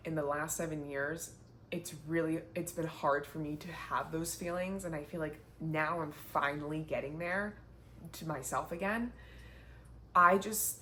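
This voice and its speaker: A young woman with a low-pitched voice talks in a casual sit-down chat, chatty and heartfelt. She fills her sentences with "like". A faint hiss of noise sits behind her. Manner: chatty and heartfelt, many "like" fillers. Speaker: vlogger, marathon runner. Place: indoors, sitting down.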